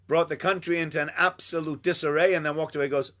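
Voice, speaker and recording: A man's voice: a little high, steady tone, fast, a bit bright. A man giving an informal Torah class, chatty and joking with his listeners. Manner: chatty, jokey, banters with listeners. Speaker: Torah teacher.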